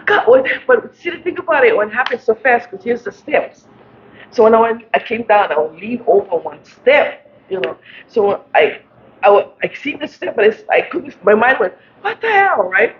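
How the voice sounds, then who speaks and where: A woman's voice: a little high, moderate pace. Older woman, roomy video call. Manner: animated storytelling, laughs often. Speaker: class participant. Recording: roomy, dull video call with faint noise.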